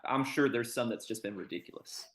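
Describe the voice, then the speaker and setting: A man's voice: medium pitch, fairly quick. A man chatting enthusiastically as a guest on a live stream, laughing often. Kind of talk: casual chat. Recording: roomy echo.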